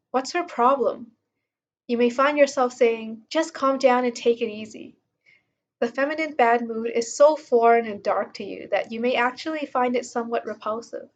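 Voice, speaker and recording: Woman with a slightly high voice, reading a book aloud. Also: lo-fi sound. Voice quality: casual, with fillers like um and like. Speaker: book reviewer.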